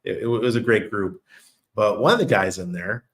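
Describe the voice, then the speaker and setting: A man's voice: fairly low pitch, moderate pace. Chatty man with a New York accent. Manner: chatty storyteller, laughs often. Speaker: crypto channel host. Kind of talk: casual monologue.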